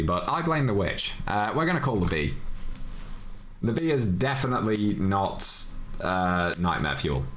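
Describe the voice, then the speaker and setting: A man's voice: sits low, a bit bright, a little hiss or hum. A man streaming a charity game playthrough, making wry, joking asides to his chat.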